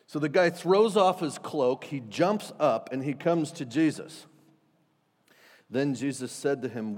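A man preaching a sermon in a conversational, animated way, acting out quotes with sudden loud and soft turns. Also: medium pitch, measured pace, in a large hall. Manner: conversational, animated, acts out quotes with shifts in loudness. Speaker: pastor.

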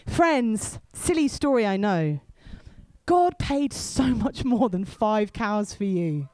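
A woman gives a sermon in a chatty, storytelling way, turning to the crowd with quick asides. Her voice sits fairly high and swings a great deal, rising and falling through each line. The sound is close and dry. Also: lively intonation, no echo. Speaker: speaker at a youth event.

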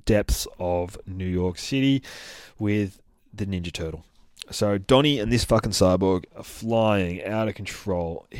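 A man's voice: lowish voice, darkish tone, no room sound, studio quality. A man casually retelling a comic book story, swearing freely and laughing at his own rants. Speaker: comic book podcast host. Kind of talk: casual profane comic recap.

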